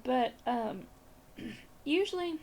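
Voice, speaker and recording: A woman's voice: on the high side, expressive, extremely slow, darkish tone, slight background noise. A Southern American woman chatting casually as a crafting vlogger, rambling through a story and repeating phrases.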